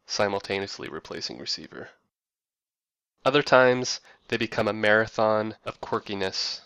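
A man reading a scripted narration with a dry, wry deadpan delivery. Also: fairly low pitch, normal speed, clear, resonant tone, no room sound.

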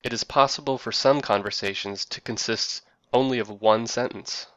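A man reading a scripted narration with a dry, wry deadpan delivery. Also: mid-range voice, normal speed, no room sound, dull audio.

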